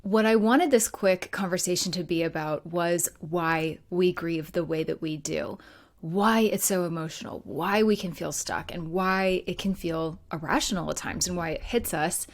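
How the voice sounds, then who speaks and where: A woman's voice: fairly low pitch, moderate pace. A woman hosting a podcast as a grief and life coach, talking in an earnest, conversational way with light laughs. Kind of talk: solo podcast talk.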